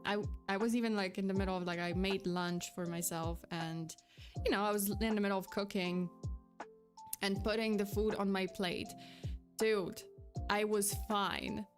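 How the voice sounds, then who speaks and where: A young woman tells a story on a livestream in a loose, rambling chat, full of fillers and restarts. She sounds slightly out of breath, and faint music plays softly behind her. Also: mid-range voice, steady tone, normal speed. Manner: chatty, rambling, with frequent fillers and restarts, breaking off to thank chat. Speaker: VTuber streamer.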